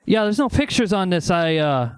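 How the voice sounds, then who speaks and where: A man's voice: high voice, sing-song, moderate pace, a little hiss or hum, pitched above the performer's own voice. A man voicing a crude, careless young slacker who wants smokes, in a tabletop role-play. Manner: rude, careless, drawling.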